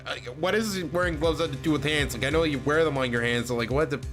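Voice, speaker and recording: A man's voice: on the high side, fast, fairly bright tone, soft background music. A young man giving casual let's play commentary, laughing and rambling with frequent stumbles as he reads the game's dialogue aloud.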